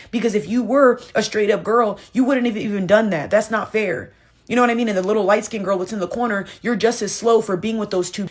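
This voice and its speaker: A young woman hosting a reaction video, giving passionate, blunt and confrontational commentary with plenty of swearing. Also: mid-range voice. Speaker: reaction channel host.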